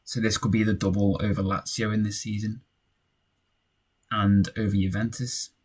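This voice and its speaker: A young man casually commentating on his own football management game, cheering and shouting at goals and muttering in tense moments. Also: lowish voice, little pitch movement, normal speed, slightly rough.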